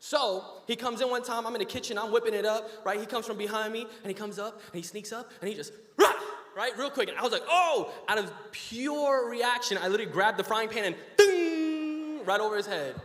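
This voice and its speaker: A young man with a fairly high voice delivers a short sermon in a roomy, echoing hall. He talks casually, telling a story, then climbs into emphatic preaching. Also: a little fast, hardly any pauses, a bit bright. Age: young adult. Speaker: student preacher. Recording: echoey hall.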